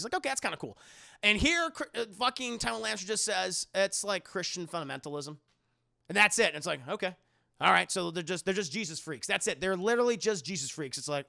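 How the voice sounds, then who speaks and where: Recapping a film for his live chat one scene at a time, a young man speaks in a bright, high voice thick with gravelly fry. His casual, improvised riffing is sarcastic and full of swearing and jokes, punctuated by rapid asides where he acts out the characters.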